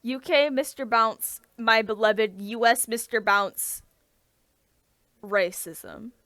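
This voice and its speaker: A woman's voice: on the high side, takes it slowly, sharp tone, dry recording. A woman co-hosting a casual chat, talking with eager enthusiasm and many restarts. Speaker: podcast co-host.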